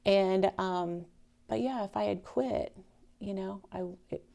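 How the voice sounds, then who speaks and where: A woman speaks to a live audience in a storytelling talk, her voice carrying a gravelly fry. She is animated and emotional, rising loud and then dropping to a near whisper. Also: medium pitch, takes it slowly. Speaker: speaker telling her real estate story.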